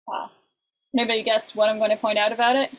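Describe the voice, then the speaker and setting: A woman teaching an online class with a somewhat high voice. She explains in halting bursts, full of restarts. A faint hum of background noise sits under her. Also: level tone, low-quality recording. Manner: explains in halting bursts, breaks into short sung examples.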